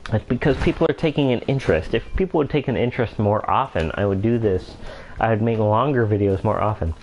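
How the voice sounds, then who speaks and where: A man's voice: on the low side, fast talker, darkish tone, muffled recording, slight background noise. A young man casually commenting on his gameplay while telling a rambling story, talking like a customer support rep. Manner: rambling, chatty storytelling with many fillers. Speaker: let's player.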